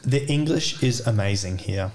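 A man's voice: lowish voice, lively intonation, moderate pace, a little mellow, a little hiss or hum. Give me a young Australian guy rambling casually on a podcast. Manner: chatty, rambling with fillers and self-corrections. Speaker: podcast guest. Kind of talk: casual chat.

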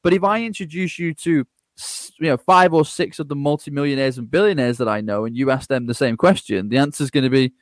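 A man talking as a podcast guest in a casual conversation. He is energetic, laughs often and acts out other people's replies. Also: medium pitch, fairly quick, hardly any pauses, no room sound, clean studio sound.

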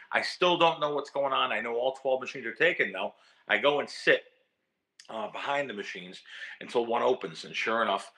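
Bright, excitable man telling stories. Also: on the low side. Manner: animated, repeats and restarts words, emotional. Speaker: guest, professional sports bettor. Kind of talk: casual storytelling interview.

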